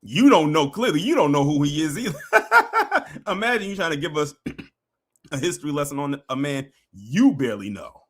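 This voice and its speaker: Male stream host, playful sarcastic reactions, animated swingy delivery. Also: fairly high pitch, a little fast, slightly rough. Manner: teasing, sarcastic, laughing asides. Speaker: livestream host. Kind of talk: casual reaction commentary.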